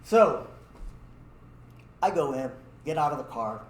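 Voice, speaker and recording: A man tells a comic personal story, his fairly high voice swinging up and down. He acts out the voices of everyone in it. The room echoes and a faint hiss sits behind him. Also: animated, slow.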